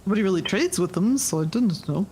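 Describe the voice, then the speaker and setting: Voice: mid-range voice, lively intonation, fast talker, a little mellow, slight background noise. A player in a tabletop game, speaking casually with tentative, questioning remarks.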